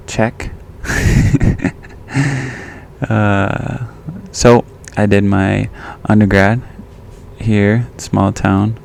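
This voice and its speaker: A man's voice: fairly low pitch, creaky, a little mellow, a little hiss or hum. A young man from the Midwest hosting a casual solo podcast, joking and laughing at himself and going off on tangents. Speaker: podcast host.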